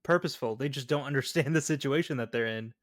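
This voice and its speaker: A man's voice: medium pitch, quick pace. A man co-hosting a podcast, chatting casually about a movie and acting out quoted lines. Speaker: podcast co-host.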